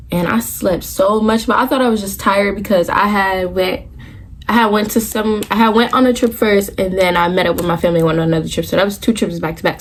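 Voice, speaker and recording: A vlogger in her twenties, mid-range in pitch, talks directly to her audience over slight background noise. Her storytime is casual, profane and frank, full of loose rambling tangents and restarts.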